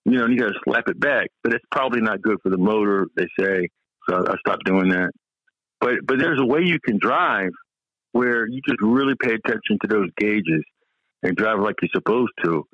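Man, husky dry voice, excitable rambler, dull lo-fi sound. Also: lowish voice, normal speed, no room sound. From American South. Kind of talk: casual chat.

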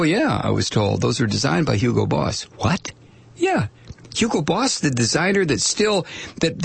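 A man hosting a political talk radio show, delivering a sarcastic, animated monologue and reading listener messages. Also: on the high side, creaky, husky, dry recording. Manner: sarcastic, animated, mock voices for quoted people.

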